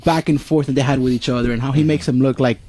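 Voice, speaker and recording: A man's voice: mid-range voice, fairly even intonation, fast talker, warm tone, slight background noise. A man in a casual podcast chat, telling a nostalgic story loosely with many fillers.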